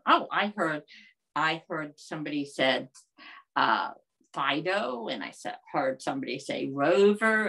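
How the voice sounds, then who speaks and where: A woman's voice: deep voice, a bit bright, breathy edge. A woman leading a children's library storytime, reading a picture book aloud in a coaxing sing-song way and asking the kids questions.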